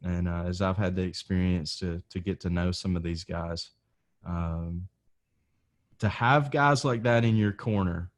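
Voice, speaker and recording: A male podcast host with a very low voice leads a casual interview. He talks in a relaxed, friendly way and calls his guest dude. He ends his points with a thoughtful question. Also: unhurried.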